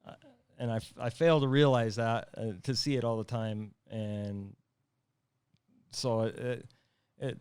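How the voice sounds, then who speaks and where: A man's voice: mid-range voice, steady tone, unhurried, long pauses, darkish tone, clear, resonant tone, no room sound, studio quality. A man co-hosting a podcast, easygoing and self-deprecating in casual talk. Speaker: podcast host.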